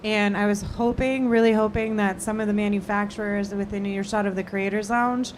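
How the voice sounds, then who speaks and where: A woman's voice: medium pitch, steady tone, brisk, a little hiss or hum. A woman guest on a trade show panel, speaking in an earnest, enthusiastic way. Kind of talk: casual panel chat. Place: trade show lounge studio.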